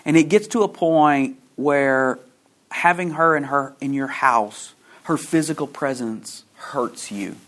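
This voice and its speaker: A man preaching in a mid-range voice, telling a story slowly and dramatically. He often repeats words and pauses, then sinks to a quiet hush when the story turns emotional. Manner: drops to a hushed low voice at emotional points. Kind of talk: sermon illustration.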